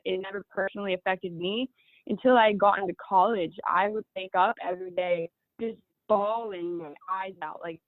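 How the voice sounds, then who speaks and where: A woman's voice: medium pitch, dry recording. Twenties, woman, casual storyteller, heavy on "like", tinny phone line. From Los Angeles, California. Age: 20s. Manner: chatty, fills speech with "like". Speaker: guest.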